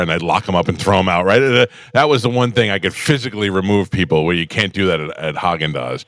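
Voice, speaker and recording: A man with a very low, deep voice hosts a casual radio talk show from a dry studio. He rambles through anecdotes and reacts quickly to his guest. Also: fairly bright tone, no echo.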